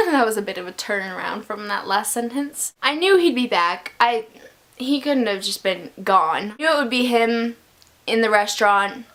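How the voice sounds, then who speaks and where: A woman giving a casual book review in her vlog, talking as a gushing, excitable fan. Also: fairly high pitch, normal speed.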